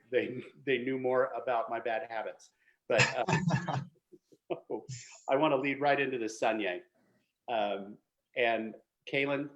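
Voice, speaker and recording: A man's voice: medium pitch, highs cut off. A man hosting a virtual wine tasting as the winemaker, joking and chatty with frequent restarts. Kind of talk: casual hosted chat.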